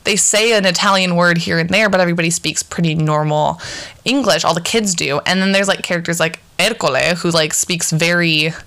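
A woman's voice: fairly low pitch, fairly even intonation, a little fast, fairly bright tone. A young woman hosting a podcast alone, chatting casually in a rambling, profane way with many fillers and restarts. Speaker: podcast co-host. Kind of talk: casual solo podcast chat.

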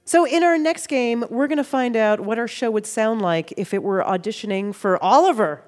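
A woman's voice: a little high, normal speed, darkish tone, faint music behind. A woman hosting a quiz show, reading clues aloud in a playful way. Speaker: game show host. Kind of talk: quiz show hosting before a live audience.

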